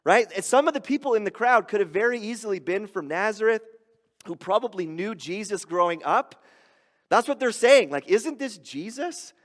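High-voiced animated male preacher. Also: moderate pace. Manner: animated, conversational preaching with playful grumbling voices. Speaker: pastor. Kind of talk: sermon. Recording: hall reverb.

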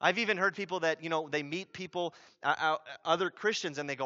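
A man preaches a sermon in a high, bright voice. He is conversational and emphatic, acting out what people say. The sound is dry and slightly dull. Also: fast talker, no room sound. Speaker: pastor.

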